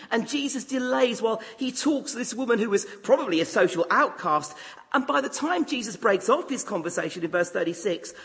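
A man's voice: sits high, gravelly, fairly bright tone, in a large hall. A man preaching a sermon, putting rhetorical questions to the congregation.

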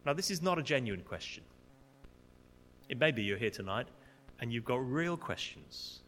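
Man preaching, bright tone, swings between hushed and emphatic, lively pitch. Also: moderate pace, slight background noise. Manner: expressive, rising to indignant emphasis. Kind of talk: sermon. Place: church. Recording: long church reverb.

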